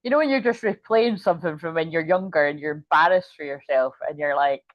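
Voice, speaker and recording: A woman's voice: sits low, fairly quick, no echo, lo-fi sound. Rambling, giggly woman reading tarot. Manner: rambling, giggly, sweary, full of asides. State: tired. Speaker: tarot reader. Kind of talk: casual tarot reading chat.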